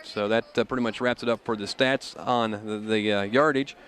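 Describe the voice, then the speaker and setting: Man reading football stats, halting. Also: lowish voice, fairly even intonation, fairly bright tone, smooth. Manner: halting, filler-heavy stat reading. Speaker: play-by-play commentator. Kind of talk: local high school football commentary. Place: outdoor football stadium broadcast booth.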